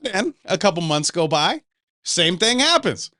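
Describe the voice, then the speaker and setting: A man's voice: sits high, moderate pace, no echo, studio quality. A man hosting a podcast, swearing freely as he tells stories in casual banter. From Pacific Northwest. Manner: profane, animated storytelling. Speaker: podcast host.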